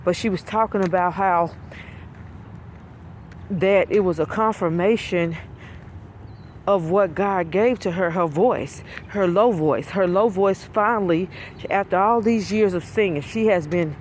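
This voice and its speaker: A woman with a deep, low voice preaching an earnest message of encouragement to camera, repeating phrases for emphasis. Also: a little slow, a little hiss or hum. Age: adult with school-age children. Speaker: self-styled prophetess posting online videos.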